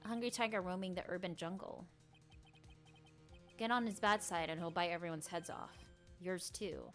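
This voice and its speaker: A woman's voice: fairly even intonation, normal speed, fairly bright tone, faint music behind, close to an everyday voice. A woman doing a smug, cool male prosecutor. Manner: low, smooth, self-assured.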